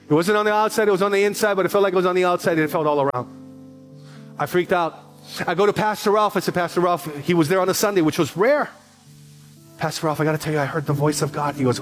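A man in his forties preaching a sermon as pastor, telling a personal story with quick asides and repeated phrases. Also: a little high, fairly even intonation, faint music behind.

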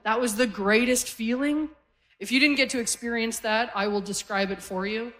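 A woman's voice: a little high, steady tone, moderate pace, a bit bright, big-room sound. Canadian woman comic in her forties. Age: 40s. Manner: wry, conversational storytelling to a live crowd. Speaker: stand-up comedian. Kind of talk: stand-up comedy set. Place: comedy stage before a live audience. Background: audience laughter.

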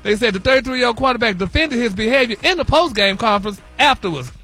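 A man's voice: extremely high pitch, lively intonation, fast, pushed and bright, faint music behind, exaggerated voice. A man playing a flamboyant, sassy gossip host on a morning radio show, calling everyone honey and y'all. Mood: indignant. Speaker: celebrity gossip correspondent. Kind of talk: comedic radio gossip bit.

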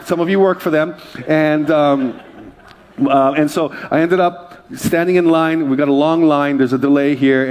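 A man's voice: mid-range voice, slight background noise. A man pastor preaching a conversational sermon and joking with the congregation.

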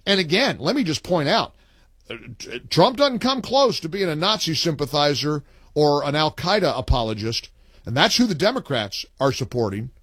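A man's voice: a little high, animated, normal speed, a bit bright, breathy edge, no room sound, clean studio sound. A man hosting a talk radio show, speaking emphatically and taking calls. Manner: emphatic, reads listener posts aloud with punchy delivery.

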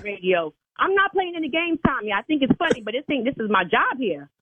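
A woman's voice: high-pitched, big pitch swings, a little fast, breathy edge, dry recording. A woman on the phone as a church sign language interpreter, stern and indignant, calling on the Lord. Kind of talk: heated phone argument. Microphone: telephone. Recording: tinny phone line.

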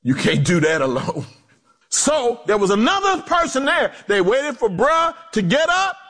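A male pastor preaching a sermon, animated, acting out quotes in low voices and joking with the congregation. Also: unhurried. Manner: animated preaching with swooping pitch and dramatic drops.

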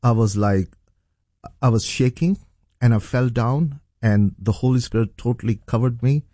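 A man's voice: mid-range voice, normal speed, mellow, no room sound, studio quality. A middle-aged man from Pakistan, a pastor telling his personal testimony earnestly, with frequent fillers and restarts. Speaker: pastor and guest.

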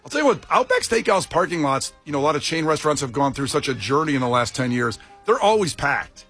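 Husky man rambling on the radio. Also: on the high side, sing-song, fast, fairly bright tone, soft background music. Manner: rambling, joking, many restarts. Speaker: radio co-host. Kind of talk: casual chat.

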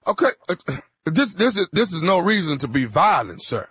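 A man hosting a radio prank call, talking in a deadpan, provoking way while feigning concern. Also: high voice, normal speed, husky, no echo, clean studio sound.

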